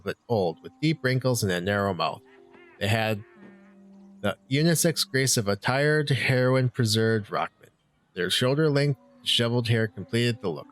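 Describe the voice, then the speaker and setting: A man reading a visual novel aloud in a conversational way, adding asides and restarting lines. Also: mid-range voice. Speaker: let's play reader.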